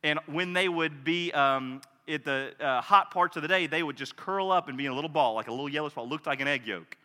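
Male preacher, passionate sermon delivery, bright, forceful tone, long reverb of a large church. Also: on the high side, a little fast. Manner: passionate, swings from loud declarations to hushed intensity.

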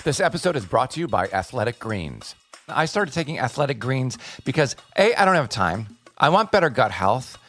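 Man, podcast co-host, animated voice, joking, mid pitch. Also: normal speed, faint music behind. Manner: lively, joking. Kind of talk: podcast disclaimer, ad read and banter.

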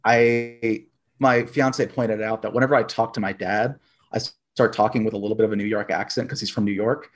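A man chatting casually as a podcast guest, rambling and filling pauses with "like". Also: fairly low pitch, fairly even intonation. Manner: rambling, heavy use of "like" fillers. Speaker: podcast guest, dice maker. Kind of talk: casual chat.

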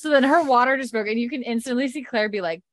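A woman's voice: fairly high pitch, fast talker, slight background noise. A woman chatting casually as she recaps a TV episode, animating the characters' lines and swearing freely. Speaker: show recapper.

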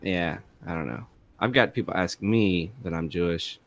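A young man co-hosting a podcast in casual chat, animated and jumping into high voices when he quotes people. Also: normal speed, gravelly. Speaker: podcast co-host.

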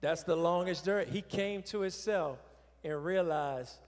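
A man's voice: sits high, unhurried. A middle-aged man preaching on a Bible story in a preacherly way. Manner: gravelly, preacherly. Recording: reverberant hall.

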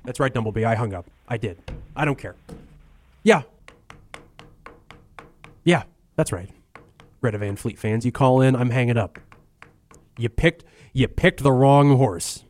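A man's voice: medium pitch, a little slow, long pauses, darkish tone. A man hosting a comedy call-in radio show who stammers, grumbles and talks openly angry.

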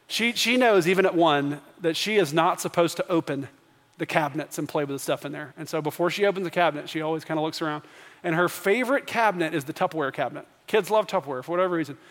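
High-voiced pastor in a ringing church. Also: male voice, fast, fairly bright tone. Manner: conversational storytelling, rising to emphatic questions. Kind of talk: sermon. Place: church sanctuary. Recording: long church reverb.

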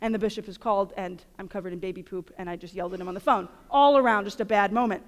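A woman in her thirties, a Catholic speaker, telling stories in an animated, self-deprecating way to an audience. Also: medium pitch, quick pace. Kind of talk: storytelling conference talk. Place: large auditorium. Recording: long hall reverb in an auditorium.

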